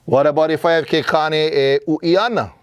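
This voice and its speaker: A man's voice: a little high, steady tone, moderate pace, clear, resonant tone, no echo. A man teaching a grammar lesson, explaining patiently and asking and answering his own questions. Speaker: Hawaiian language teacher.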